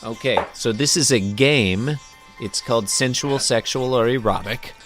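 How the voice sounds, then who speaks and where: Wry, bright-voiced man hosting a game. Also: medium pitch, unhurried, faint music behind. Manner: wry, mock-authoritative, wordy. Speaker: podcast host running a game. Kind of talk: casual comedic banter.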